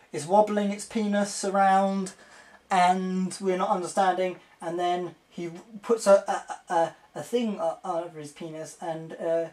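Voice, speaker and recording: A woman giving a casual spoken review, excitable and rambling, often giggling as she talks. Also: lowish voice. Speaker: video reviewer.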